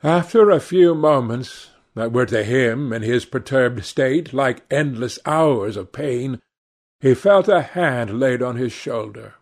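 A male narrator reading classic literature in a measured, deliberate way. He takes his time with every phrase, at an unhurried pace. His pitch sits right in the middle. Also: expressive. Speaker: audiobook narrator.

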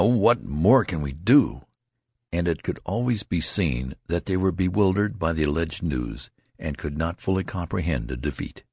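A man with an extremely deep voice reads a classic novel aloud at a measured, even pace. His tone is husky, and the recording is dry and close, with no room sound. He tells the story steadily, like an audiobook narrator. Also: no room sound.

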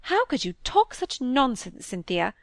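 A woman reading the part of a fussy, vain middle-aged Victorian stepmother, fretful and a little higher in pitch. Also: big pitch swings, moderate pace, dry recording, clean studio sound, close to an everyday voice. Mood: cross. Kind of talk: audiobook character reading.

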